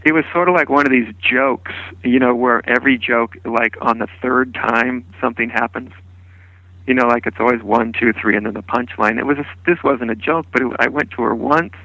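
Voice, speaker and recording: A man who is a spiritual teacher, telling his story in an unhurried, meandering way with frequent restarts. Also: medium pitch, creaky, sharp tone, dry recording, poor audio. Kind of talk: reflective storytelling interview.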